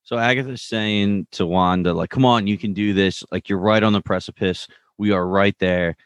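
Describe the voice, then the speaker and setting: Low-voiced male co-host, relaxed recap talker, dry close mic. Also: normal speed, clear, resonant tone, dry recording. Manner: relaxed, retells scenes with loose paraphrased quotes. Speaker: podcast co-host recapping a TV episode. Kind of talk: casual chat.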